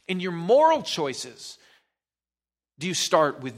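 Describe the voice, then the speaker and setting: A man's voice: high voice, very animated, takes it slowly, a bit bright. A man preaching a sermon as pastor, pressing the listener with probing rhetorical questions and emphatic repetition.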